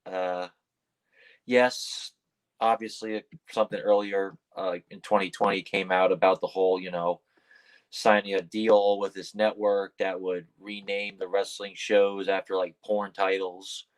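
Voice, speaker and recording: A man with a lowish voice rambles through stories as a guest on a casual podcast. He leans on fillers and swears now and then. When he quotes his own startled replies, his voice shoots up. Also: little pitch movement, measured pace, rough recording. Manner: acts out quoted lines in a high, startled voice. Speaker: wrestler guest.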